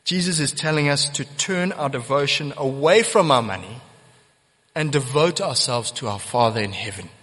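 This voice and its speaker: A man's voice: mid-range voice, normal speed, fairly bright tone, slightly rough. A man preaching a sermon as pastor, earnest and emphatic, repeating key phrases for weight. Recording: long church hall reverb.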